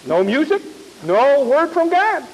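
A preacher playing an offhand unhurried prophet. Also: male voice, extremely high pitch, sing-song, lo-fi sound, pitched above the performer's own voice, exaggerated voice. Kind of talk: sermon storytelling.

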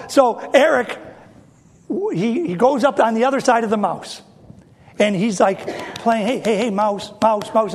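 A middle-aged man preaching a sermon, telling funny stories in an animated way and asking his audience questions. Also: high voice, gravelly. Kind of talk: sermon storytelling.

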